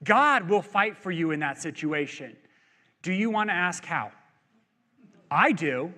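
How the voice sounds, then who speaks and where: A male pastor preaching in a chatty, joking way, his high voice leaping up and down with energy. He asks the crowd questions. A long church-hall reverb trails after each phrase. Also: lively intonation, unhurried, sharp tone. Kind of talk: sermon. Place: church sanctuary.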